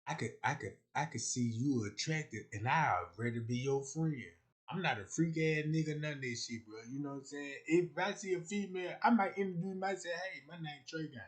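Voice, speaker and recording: A man's voice: a little high, brisk. A young man, rambling loosely on a casual livestream and acting out the voices he quotes.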